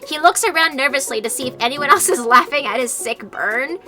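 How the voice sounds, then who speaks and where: A woman's voice: high voice, expressive, a little fast, music in the background. A young woman streaming a dating game, reading its text aloud and joking about it in a playful way.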